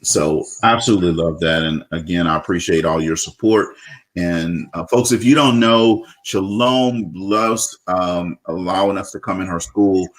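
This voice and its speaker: A man with a low, deep voice hosts a casual interview. He talks in an upbeat, chatty way, leaning on fillers and restarting his sentences. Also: measured pace. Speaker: show host.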